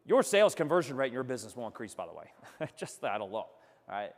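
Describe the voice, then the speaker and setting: Energetic male seminar coach, reverberant room. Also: mid-range voice, quick pace. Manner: tags nearly every sentence with "okay?". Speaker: workshop instructor. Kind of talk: live seminar teaching. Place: seminar room with remote attendees.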